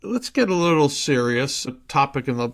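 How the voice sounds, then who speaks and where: Gravelly-voiced male podcast host. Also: medium pitch, very animated, moderate pace, a bit bright. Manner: chatty, with short agreeing interjections. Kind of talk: conversational podcast hosting.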